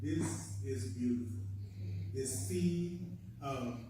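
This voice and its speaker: A man's voice: mid-range voice, slow pace, background noise. A man performing a rhyming spoken word piece live, drawing the audience into call and response. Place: event hall with a live audience. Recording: echoey hall from far off.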